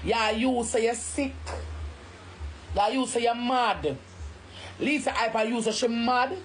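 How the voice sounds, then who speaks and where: A woman's voice: on the high side, unhurried, a little hiss or hum. Angry Jamaican woman ranting. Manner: angry, repetitive, cursing. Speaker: TikTok live streamer. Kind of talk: heated live-stream rant.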